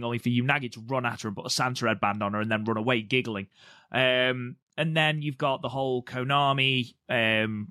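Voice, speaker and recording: A man's voice: mid-range voice, sharp tone, no echo, studio quality. A man co-hosting a podcast, chatting casually and enthusiastically with frequent fillers. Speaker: podcast co-host.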